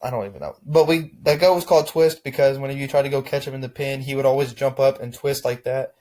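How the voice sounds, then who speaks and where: A young man from Texas talking casually to camera, rambling and relaxed, with frequent restarts. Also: mid-range voice, fast. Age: young adult. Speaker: vlogger. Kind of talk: casual reflective chat to camera.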